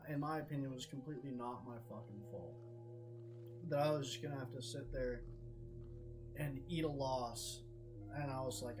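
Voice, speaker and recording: A man's voice: medium pitch, moderate pace, poor audio. Foul-mouthed young man ranting casually. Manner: heavy swearing, frustrated and venting. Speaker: gaming streamer. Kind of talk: casual storytelling rant while playing. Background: background music.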